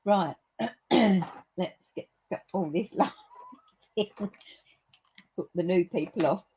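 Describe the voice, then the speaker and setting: A woman's voice: on the low side, takes it slowly, warm tone, slight background noise. A woman chatting casually to her viewers while she demonstrates colouring for a papercraft class. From United Kingdom. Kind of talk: casual live craft demonstration.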